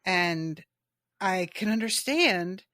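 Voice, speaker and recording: A woman's voice: fairly low pitch, expressive, sharp tone, no echo, clean studio sound. A woman co-hosting a book podcast, chatting casually and laughing at herself. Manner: chatty, self-deprecating, quick laughs. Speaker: podcast co-host.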